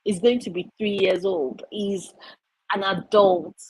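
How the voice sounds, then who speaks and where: A chatty woman hosts a casual live reading stream, wandering between topics and filling gaps with little asides. Her voice is husky and a touch breathy. The sound is close and dry. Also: mid-range voice, unhurried, no room sound, rough recording. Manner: chatty and rambling, many fillers, coos over her cat. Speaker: book streamer hosting a live reading sprint.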